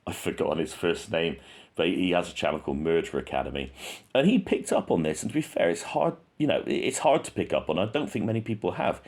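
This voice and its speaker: Male true crime host, low register, conversational, restarts sentences as he thinks it through. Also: lively intonation, fast, a little mellow. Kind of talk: casual true crime commentary.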